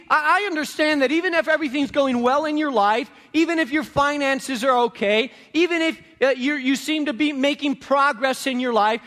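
A man's voice: very high-pitched, fairly bright tone. A male pastor preaching a sermon to a congregation, emphatic and repetitive, telling stories. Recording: long reverb of a large room.

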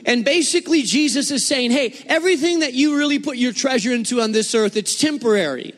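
A man preaching a sermon, explaining scripture and telling lively, humorous stories from his own life. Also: very high voice, a little fast, big-room sound. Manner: animated storytelling with humor. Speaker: pastor.

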